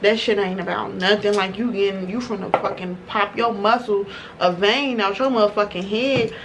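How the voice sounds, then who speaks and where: A woman vlogger tells a storytime while she does her makeup, full of slang and swearing. Her delivery is loose, animated and unfiltered. The recording is noisy, with a steady hiss behind her. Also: medium pitch, normal speed. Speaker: beauty vlogger.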